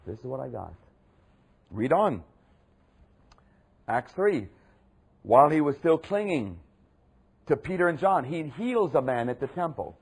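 Husky, animated preacher man. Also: measured pace, pauses often. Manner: emphatic, swinging between loud outbursts and low murmurs. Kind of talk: sermon.

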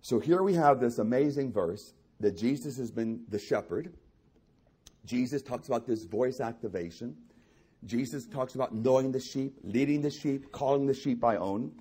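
A man preaching a sermon, animated and emphatic, acting out voices and building with repetition. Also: medium pitch, moderate pace, breathy edge. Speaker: pastor.

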